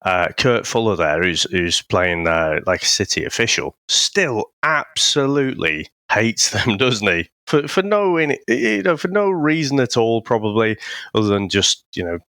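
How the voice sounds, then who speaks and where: A man from England talks through a film in a loose podcast chat, swearing freely and laughing as he goes. His pitch jumps around a lot and his tone is bright and forceful. The sound is dry and close. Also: big pitch swings, normal speed, dry recording. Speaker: podcast co-host. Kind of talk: casual chat.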